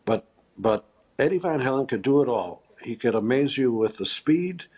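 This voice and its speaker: A man speaking as a guest in a live news interview over a remote link. He talks haltingly and with emotion, often restarting his sentences and filling pauses. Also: medium pitch, expressive, a little mellow. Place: remote location far from the studio.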